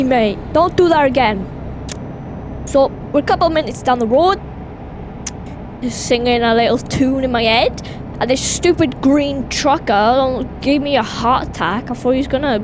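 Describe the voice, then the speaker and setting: High-voiced Welsh woman, chatty gamer. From Wales. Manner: chatty, excitable, talks to viewers. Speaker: gaming video host. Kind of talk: casual gameplay commentary. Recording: game engine noise behind voice. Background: truck and vehicle sounds from game.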